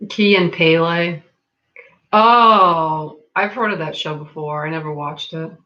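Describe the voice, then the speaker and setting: A woman's voice: sits low, slow pace, sharp tone. New england lady chatting on her livestream, lots of "like", giggly, kinda muffled sound. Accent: Massachusetts, between Boston and Rhode Island. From Massachusetts. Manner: chatty, laughs often, many "like" fillers, swears casually. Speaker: livestream host. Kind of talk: casual livestream chat reading comments.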